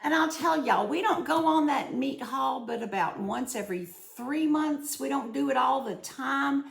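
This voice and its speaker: A woman's voice: high-pitched, expressive, moderate pace, gravelly, echoey room. A woman with a Southern accent hosting her own channel, chatting heartfelt and folksy to her viewers. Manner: folksy, heartfelt, often says y'all. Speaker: host of a home budgeting channel. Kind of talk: casual chat to viewers.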